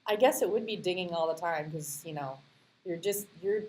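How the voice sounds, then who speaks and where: A woman hosting an interview, firing off quick questions in a playful way and laughing often. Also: on the low side, darkish tone, a little hiss or hum, low-quality recording. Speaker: interview host.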